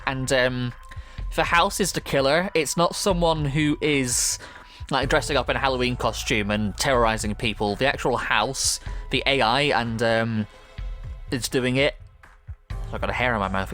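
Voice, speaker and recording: A man's voice: mid-range voice, sharp tone. A man giving chatty, rambling commentary while playing a game. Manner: chatty, rambling, many fillers. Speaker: gaming video host. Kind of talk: let's-play commentary, reading game dialogue aloud.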